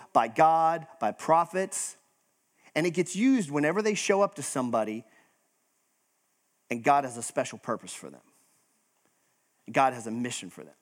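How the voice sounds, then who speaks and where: A male pastor giving a sermon, animated and storytelling, acting out quotes as he goes. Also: on the high side.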